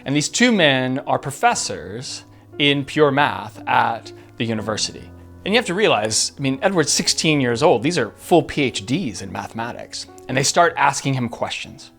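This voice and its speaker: Male podcast host, earnest storyteller, average pitch, faint guitar bed. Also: very animated, normal speed, vocal fry. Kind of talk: storytelling narration. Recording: faint guitar music behind. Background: soft guitar music.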